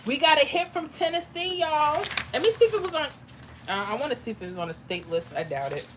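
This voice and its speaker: A woman with a high-pitched, very animated voice talks fast over a noisy background. She's hosting a casual livestream with lottery picks, chatting freely, reading viewer comments aloud and reacting with emotional asides.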